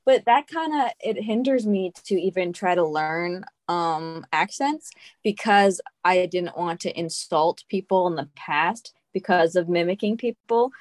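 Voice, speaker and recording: A woman's voice: fairly low pitch, unhurried, dry recording. A woman hosting a casual chat, mostly giving short agreeing replies.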